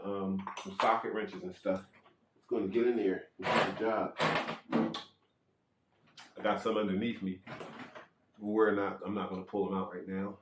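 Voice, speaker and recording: A man's voice: on the low side, echoey room, slight background noise. A man giving a casual, rambling how-to on checking an electric skateboard, counting threads and bolts aloud, correcting himself and joking as he goes.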